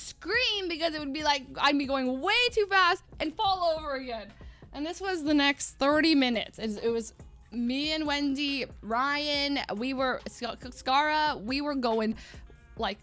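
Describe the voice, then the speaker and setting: High-voiced young woman telling a story. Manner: animated, laughing, acts out quotes in a higher voice. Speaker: livestreamer. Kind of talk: casual storytelling to stream chat.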